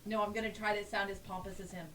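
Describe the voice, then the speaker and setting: A woman's voice: medium pitch, level tone, fast talker, fairly bright tone. Female player, hesitant, distant mic, echoey, noisy. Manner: hesitant, thinking aloud about rules. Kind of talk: tabletop game play.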